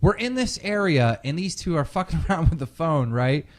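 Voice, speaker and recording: A man's voice: on the high side, moderate pace. A young man hosting a podcast, telling a story in a casual, profane way and acting out what people said. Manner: animated, profane, acts out quotes. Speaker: podcast host.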